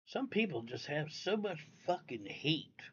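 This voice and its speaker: A man's voice: a little high, sing-song, a little slow, a bit bright, slight background noise. A man hosting a casual livestream, rambling and cursing freely as he talks straight to his viewers from home. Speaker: livestream host. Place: indoors at home. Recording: dull lo-fi audio.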